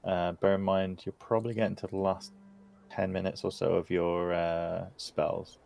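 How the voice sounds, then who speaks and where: A man narrating as game master, relaxed and hesitant with frequent fillers. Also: low voice, moderate pace, creaky, soft background music. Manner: relaxed, hesitant with many ums.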